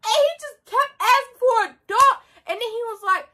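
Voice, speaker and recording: A teenage girl vlogger telling a story in a dramatic, slangy, animated way. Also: extremely high pitch, normal speed, few pauses. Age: teens. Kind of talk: storytime vlog.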